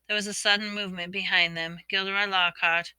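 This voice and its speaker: Bright, crisp woman reading a storybook. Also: mid-range voice, flat delivery, brisk, no echo. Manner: reads expressively, voicing characters' shouts and whispers. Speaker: audiobook reader.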